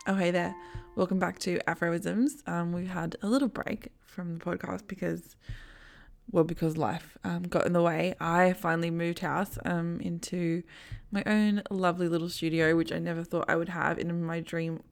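A woman's voice: lowish voice, little pitch movement, normal speed, gravelly, soft background music. A young woman hosting a podcast, chatting casually with a friend, laughing often and filling with um. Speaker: podcast host.

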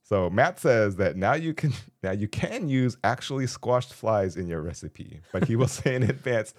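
Lower-voiced easygoing man recapping. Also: animated, normal speed. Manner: easygoing, reads out show details with light jokes. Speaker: podcast co-host. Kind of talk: casual recap chat.

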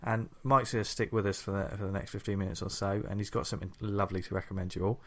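A man's voice: lowish voice, flat delivery. A man co-hosting a podcast, enthusiastic as he steers the chat and speaks to listeners. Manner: enthusiastic, talks quickly, hosts the segments. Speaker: podcast co-host. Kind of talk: casual chat.

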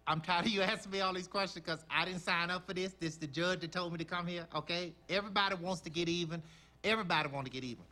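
A man's voice: sits high, steady tone, fast talker, pushed and bright. An actor playing a brash, defiant older woman who denies her anger and parrots questions back in a film comedy scene.

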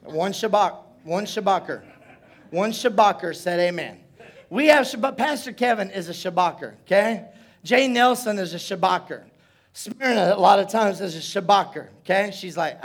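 A man preaching as pastor in a church service, telling stories with playful asides and building to loud shouts. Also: high voice, moderate pace. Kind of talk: sermon.

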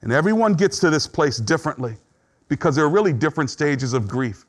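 A man's voice: on the high side, very animated, a little fast. A middle-aged man preaching a sermon in an earnest, conversational way, acting out short quotes as he teaches. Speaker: pastor.

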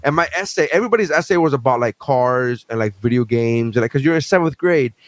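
A man's voice: mid-range voice, fast talker, dry recording. Man in his forties, profane and ranting. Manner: profane, animated ranting with mocking asides. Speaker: podcast host. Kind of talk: casual chat.

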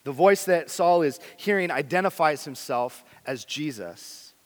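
A man preaching a sermon as pastor, earnest and candid, moving between loud emphasis and quiet intensity. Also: fairly high pitch, expressive, a little slow. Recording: long hall reverb.

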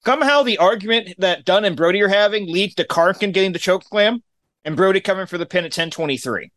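A man's voice: high-pitched, animated, fast, fairly bright tone, dry recording. A man casually recapping a wrestling show on a podcast, giving dry, matter-of-fact play-by-play with his own opinions.

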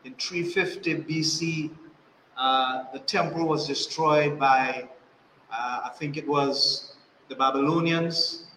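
A man with a bright, sharp voice asks drawn-out questions and pauses on fillers along the way. The echoey room around him has a faint hiss. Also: a little high, steady tone. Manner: hesitant, uses fillers while asking questions. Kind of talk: interview questions.

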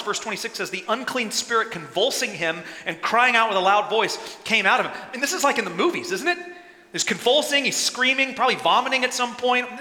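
A man preaching a sermon as pastor, animated, acting out quoted lines with sudden loud bursts. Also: high-pitched. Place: church sanctuary. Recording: echoey church hall.

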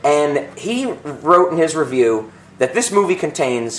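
Podcast guy chatting at home, lively swoopy voice, laughs a lot, bit of noise behind. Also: a little high, a little slow, hardly any pauses. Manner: animated, laughs often. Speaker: podcast co-host. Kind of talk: casual chat. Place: room at home. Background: lawnmower outside.

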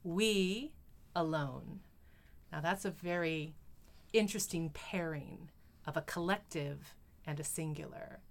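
A woman's voice: deep voice, moderate pace. A woman with an Australian accent, hosting a poetry podcast and speaking thoughtfully and enthusiastically. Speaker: podcast host. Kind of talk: casual conversation about poetry.

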